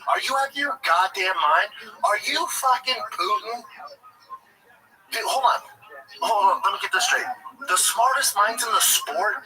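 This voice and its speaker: A man's voice: high-pitched, lively intonation, a little slow, pauses often, bright, forceful tone, poor audio. Fired-up profane man ranting. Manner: profane, blunt, indignant. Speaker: livestream host. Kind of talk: heated commentary rant.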